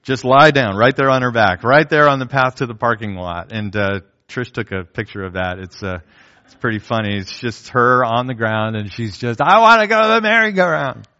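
A man's voice: lowish voice, normal speed, sharp tone, dull audio. A middle-aged man preaching a sermon, telling a story about his toddler granddaughter and acting out the voices of the people in it. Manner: storytelling, acts out quoted voices. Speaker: pastor.

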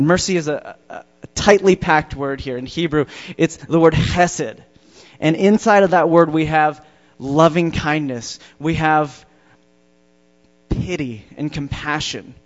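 A man preaching a sermon to a congregation in a church, emphatic and slowing down to stress key words. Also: a little high. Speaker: pastor. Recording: dull lo-fi sound.

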